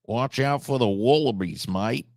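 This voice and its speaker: A man putting on a put-on Australian accent to play a brash, slangy bloke cadging cigarettes, in a loud and cheeky comic impression. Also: medium pitch, measured pace, vocal fry, no echo, studio quality, voice pushed up. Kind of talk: comic impression on a live stream.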